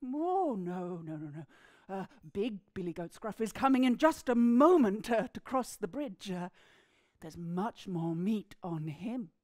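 A woman's voice: medium pitch, animated, unhurried, natural voice. A woman voicing a frightened middle-sized billy goat who pleads nervously with a troll. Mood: pleading.

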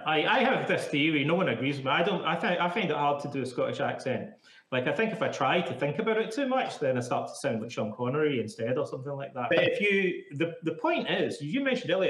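Chatty man explaining in an echoey room. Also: fairly high pitch. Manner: chatty, explanatory, many "like" fillers. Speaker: psychotherapist guest. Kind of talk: casual interview talk.

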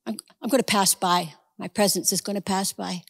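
A woman doing a gentle, low divine voice. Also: moderate pace, gravelly, slightly rough, long reverb tail. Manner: low, soft and calm.

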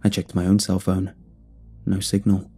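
A man telling a first-person horror story in measured scripted narration. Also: low-pitched, completely flat delivery, warm tone, husky. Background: faint music.

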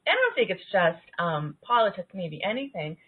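Husky-voiced woman host, phone line. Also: mid-range voice, fairly quick. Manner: calm, brief listener replies and questions. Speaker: podcast host. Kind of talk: podcast interview.

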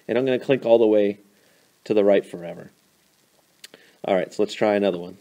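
Deep-voiced man teaching math. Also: fairly quick, pauses often, dark tone, muffled recording. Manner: informal, fillers, playful sound effects. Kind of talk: explaining over a graph.

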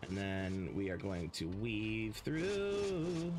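A man's voice: fairly low pitch, sing-song, drawn-out words. A man casually commenting on his gameplay as a streamer, rambling and swearing freely.

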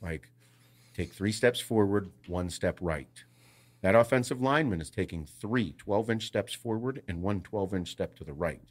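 A man co-hosting a podcast, chatting casually and telling animated, profanity-heavy stories about his family. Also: lowish voice, moderate pace. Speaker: podcast co-host. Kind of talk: casual chat.

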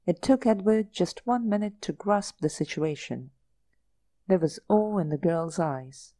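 A woman narrates a story at a slow, measured pace. Her voice is mellow and warm, recorded close on a dry microphone with no room sound. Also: lowish voice, expressive, no room sound. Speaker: audiobook narrator. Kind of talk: audiobook narration.

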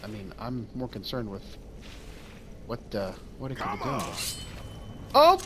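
A man's voice: mid-range voice, wildly swooping pitch, moderate pace, noisy background. A man hosting a let's play, rambling and wisecracking through his gameplay commentary.

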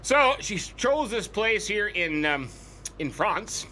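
Guy doing a farm game let's play, kinda high bright voice, goofy and rambly, faint game sounds behind. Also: sing-song, slow, slight background noise. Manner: chatty, goofy, rambling, repeats words for fun. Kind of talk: casual gameplay commentary.

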